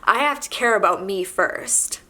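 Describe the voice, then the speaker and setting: A young woman vlogging to camera, halting and soft-spoken as she admits she is pregnant and emotional. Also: medium pitch. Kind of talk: candid emotional confession to camera.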